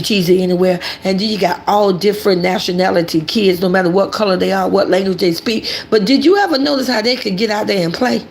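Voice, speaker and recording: An older woman hosting casual livestream commentary, animated and preachy, talking about herself in the third person. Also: medium pitch, vocal fry, slight background noise. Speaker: commentary channel host.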